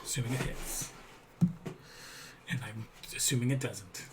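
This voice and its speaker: A man's voice: mid-range voice, fairly even intonation, a little slow. A man playing a tabletop game, speaking with dry, self-mocking humor. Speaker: player. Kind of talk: casual tabletop play. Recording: loud background noise.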